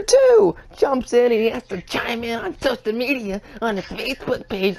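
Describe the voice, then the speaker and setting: A woman co-hosting a casual racing podcast, sarcastic and profane as she rants. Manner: sarcastic, profane, swinging from high to low. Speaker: podcast co-host. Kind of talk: casual sports podcast rant.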